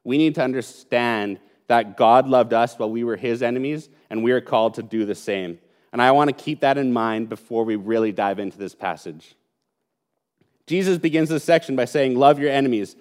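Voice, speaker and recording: A man's voice: medium pitch, darkish tone. A man preaching an earnest sermon, speaking with emphasis and repeating key points. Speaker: pastor.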